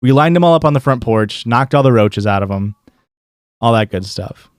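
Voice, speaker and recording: Male streamer, casual rambling storyteller, profane, medium pitch, dry close sound. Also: expressive, moderate pace, no room sound. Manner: rambling, profane, lots of likes and restarts.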